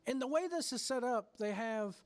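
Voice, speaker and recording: A man's voice: very high voice, expressive, moderate pace. A man hosting a podcast, telling a story with lots of swearing. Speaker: podcast host. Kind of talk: casual chat.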